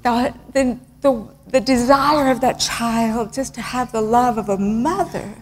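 A middle-aged woman tells stories from her missionary work in an earnest, emotional way, often restarting her sentences. Her voice sits fairly high. The sound carries a long reverb, as if from a large hall. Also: a little slow. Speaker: missionary speaker. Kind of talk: storytelling talk with slides.

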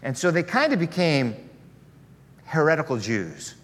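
A male preacher telling a story from the pulpit in a casual, conversational way, his slightly high voice rising and falling with lively swings. A long hall reverb trails every phrase. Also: unhurried. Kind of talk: sermon.

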